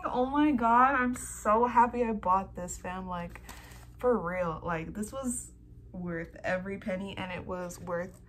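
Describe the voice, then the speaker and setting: A young woman vlogging an excited unboxing from home, gasping and squealing over fan merchandise. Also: medium pitch, slight background noise.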